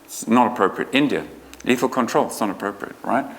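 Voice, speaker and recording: A man's voice: mid-range voice, a little fast, slight background noise. A man giving an informal conference talk as a conservation researcher, joking, colloquial and often restarting his sentences. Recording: long hall reverb.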